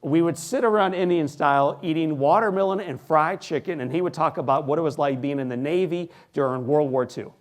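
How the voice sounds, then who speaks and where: A man in his forties, from the United States, giving an inspirational keynote speech to a live audience in a large hall. He tells his story with dramatic pauses, dropping to a hush and then rising loud. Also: fairly high pitch. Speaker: keynote speaker.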